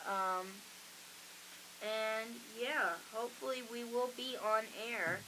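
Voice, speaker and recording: A woman's voice: a little high, slow pace, background noise. A young woman hosting a college radio show, chatting casually and acting out the voices in her stories. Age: young adult. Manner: chatty storytelling, acts out quoted voices. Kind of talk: casual chat.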